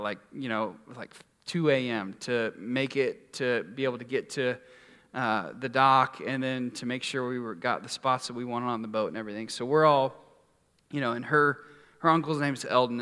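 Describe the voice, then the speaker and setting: A man's voice: medium pitch, a bit bright, smooth. Guy pastor rambling thru a story, um and like everywhere, big echoey hall. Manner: casual, rambling, lots of fillers. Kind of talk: sermon storytelling.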